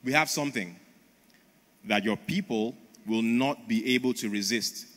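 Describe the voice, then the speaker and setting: A preacher voicing a bullying British trader who demands that a deal be kept. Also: male voice, mid-range voice, a little slow, a bit bright. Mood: pushy. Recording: long reverb of a large hall.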